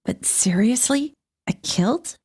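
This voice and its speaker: Man voicing a young woman on the run, breathy whisper, slow, dry close sound. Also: sits high, little pitch movement, warm tone, no echo, pitched above the performer's own voice, exaggerated voice. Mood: incredulous. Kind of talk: audiobook character voice.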